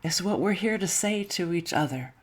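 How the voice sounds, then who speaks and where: A woman minister gently telling a children's story during a church service, soft-spoken and sometimes dropping to a hush. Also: fairly low pitch, lively intonation, moderate pace, husky. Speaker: intern minister.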